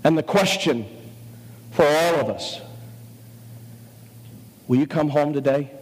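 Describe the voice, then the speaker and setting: A man preaching as a pastor, pleading earnestly with his listeners in short phrases broken by pauses, in a large auditorium. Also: a little high, slightly rough. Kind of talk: sermon. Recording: long hall reverb with faint music.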